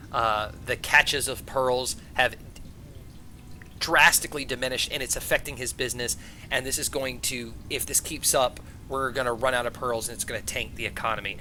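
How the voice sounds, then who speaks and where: A man narrating as game master of a tabletop game, relaxed and halting, with frequent pauses and uhs. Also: mid-range voice, slight background noise.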